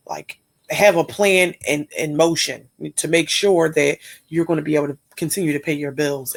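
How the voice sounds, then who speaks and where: Reaction host from Pennsylvania, a woman with a gravelly voice, critical and exasperated. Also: sits low. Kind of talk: casual commentary.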